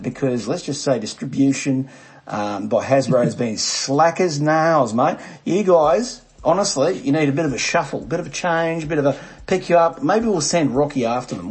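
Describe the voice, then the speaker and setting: A man with an Australian accent hosting a podcast in lively, jokey casual chat full of slang. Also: medium pitch, slightly rough. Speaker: podcast host.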